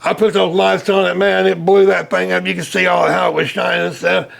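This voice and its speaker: A man telling a story as an interview guest, animated and loudly acting out quotes. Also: high voice, fairly quick. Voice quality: gravelly. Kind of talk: casual storytelling.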